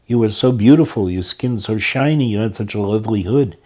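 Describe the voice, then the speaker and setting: A man voicing a calm, wise elderly spiritual master in a spoken story, with gentle, patient questions. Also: fairly low pitch, fairly quick, close to an everyday voice. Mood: gentle, wry.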